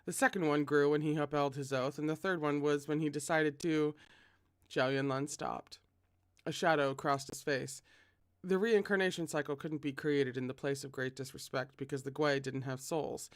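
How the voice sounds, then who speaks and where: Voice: medium pitch, no room sound, studio quality. A fan reader reading a novel aloud, with chatty asides to viewers. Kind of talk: casual read-aloud of a novel.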